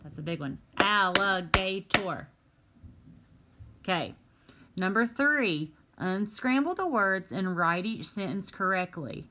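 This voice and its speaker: A woman teacher reading words slowly and carefully, talking young students through a phonics worksheet. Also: mid-range voice, very animated, pushed and bright, slight background noise. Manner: slow, careful, drawn-out word reading. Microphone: tablet microphone.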